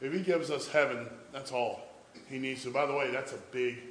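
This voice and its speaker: A man's voice: mid-range voice, steady tone, moderate pace, slight background noise. A man preaching a sermon in church, telling humorous stories and acting out family scenes. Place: church with a responding congregation.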